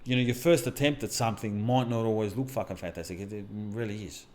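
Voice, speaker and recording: A man's voice: lowish voice, fast talker, darkish tone. A middle-aged man, talking bluntly and swearing often as a podcast co-host and mindset coach, telling stories from his own life. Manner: blunt, heavy swearing, storytelling. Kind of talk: casual podcast chat.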